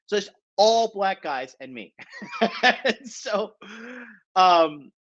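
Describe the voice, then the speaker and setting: A man's voice: sits high, expressive, extremely slow, fairly bright tone, lo-fi sound. A man from the United States hosts a podcast, telling a rambling story in a blunt, profane way and tagging his sentences with "right?". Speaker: podcast host. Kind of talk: casual storytelling.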